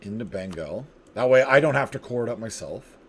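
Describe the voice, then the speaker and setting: A man's voice: mid-range voice, animated, a little fast, slightly rough. A man hosting a strategy game video, casually thinking aloud, chuckling and talking to himself as he plays. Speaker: gaming video host.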